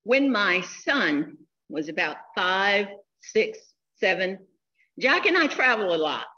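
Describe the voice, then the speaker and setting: A woman in her sixties giving a funeral eulogy, telling stories in a slow, heartfelt way. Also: medium pitch, sing-song, pushed and bright, muffled recording. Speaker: eulogy speaker.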